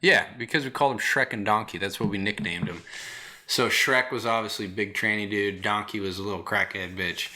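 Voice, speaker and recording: A man with a lowish but bright, forceful voice, telling a long story on his own podcast. He rambles casually and swears constantly. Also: brisk. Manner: profane, rambling and animated. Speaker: podcast host.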